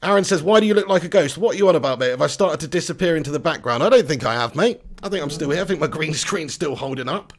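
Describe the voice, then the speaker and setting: Brief: energetic man, live-stream host, slightly high gravelly voice. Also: fast, few pauses. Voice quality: energetic, chatty, reads viewer comments aloud. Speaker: football fan channel host.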